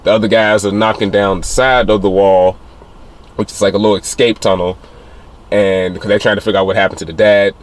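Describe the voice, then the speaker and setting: A man's voice: level tone, a little fast. A man casually recapping a film's plot as a reviewer, rambling with many fillers. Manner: rambling retelling with many fillers, acting out quotes in a higher voice. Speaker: film reviewer. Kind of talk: casual spoiler recap of a film.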